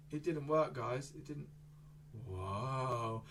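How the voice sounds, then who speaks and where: A children's entertainer doing playful magic show patter, silly and exaggerated, jumping from loud squeals to hushed asides. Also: mid-range voice, expressive, moderate pace, creaky, a little hiss or hum.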